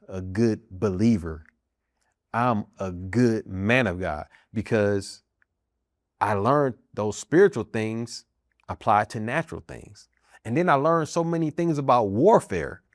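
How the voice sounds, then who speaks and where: Middle-aged american guy telling his own story, earnest and emphatic, keeps repeating himself, dry no-echo sound. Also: lowish voice. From United States. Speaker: podcast host, army veteran and minister. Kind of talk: personal testimony talk.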